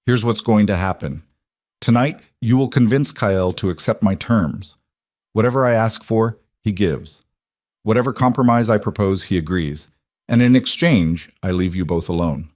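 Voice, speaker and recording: A man voicing an older male crime boss who threatens calmly and with cold amusement. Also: lowish voice, no room sound, clean studio sound. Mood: menacing. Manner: calm, measured threats.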